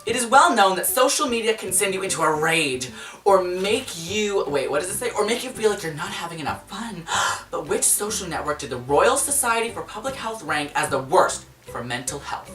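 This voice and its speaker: A woman hosting a casual chat show, talking in an animated, dramatic way with gasps and outbursts. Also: medium pitch, moderate pace. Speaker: host. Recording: roomy echo, distant mic, faint music.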